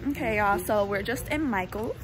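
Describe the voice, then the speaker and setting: A woman's voice: mid-range voice, animated, moderate pace, very noisy. A young woman chatting casually and playfully to her phone camera on a vlog, filmed in her car and out in stores. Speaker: vlogger.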